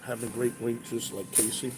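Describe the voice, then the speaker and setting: With music playing in the background, a truck driver speaks briskly in a steady, medium-pitched voice, reading livestream comments aloud over breakfast. The setting is a truck stop restaurant full of noisy ambience.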